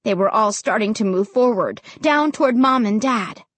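A woman's voice: animated, moderate pace, fairly bright tone, no echo. A woman narrating a spooky children's novel aloud, acting out the characters' lines with dramatic energy. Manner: dramatic, voices characters with big pitch jumps. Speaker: audiobook narrator. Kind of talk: expressive audiobook narration.

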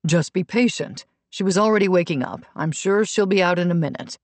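A woman narrating an audiobook voices a smooth, controlling male personal trainer who talks calmly and patronizingly. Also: fairly low pitch, fairly quick, no echo. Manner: calm, soothing, condescending.

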